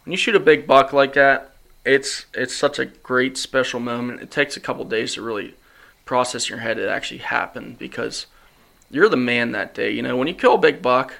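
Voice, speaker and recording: A man's voice: mid-range voice, normal speed, creaky, a bit bright. A man hosting a podcast, telling a hunting story in casual chat, acting out quotes and laughing often. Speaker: podcast host. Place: studio.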